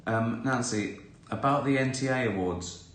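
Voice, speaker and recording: A middle-aged man talks casually through a live stream, answering viewer questions. His voice is bright and forward, he laughs often and acts out little scenes. The room gives a noticeable echo. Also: medium pitch, normal speed, a little hiss or hum.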